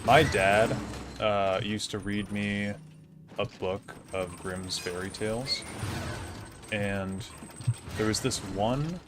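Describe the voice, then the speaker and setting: Male streamer, 30s, low register, halting casual delivery. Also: noisy background. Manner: rambling, halting, many fillers and restarts. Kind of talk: casual storytelling while gaming.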